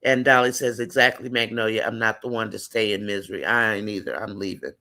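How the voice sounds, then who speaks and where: Man hosting a live chat, gravelly voice, reads comments, greets viewers by name. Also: fairly low pitch, fairly even intonation, a little fast, pushed and bright. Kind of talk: casual live-stream commentary.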